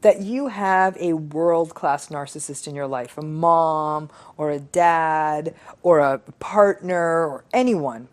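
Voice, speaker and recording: A middle-aged woman speaks with a slightly low voice. She is a psychologist who reads viewer comments aloud and reflects on them in an earnest, emphatic, measured way. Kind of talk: reflective talk on relationships.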